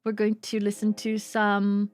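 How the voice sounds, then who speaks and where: A woman's voice: mid-range voice, completely flat delivery, measured pace, a little mellow, dry recording. A woman VTuber chatting casually and playfully with her livestream audience. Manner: bubbly and playful, talks to chat. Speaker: VTuber streamer. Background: faint lo-fi hip hop music.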